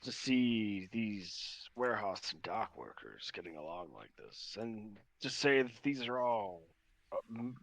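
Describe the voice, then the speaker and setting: Man doing a polite, measured noble traveler, slow and bright-voiced, tabletop game. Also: lowish voice, sing-song, gravelly, dry recording, pitched below the performer's own voice, full character voice. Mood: musing. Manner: slow, measured, courtly phrasing.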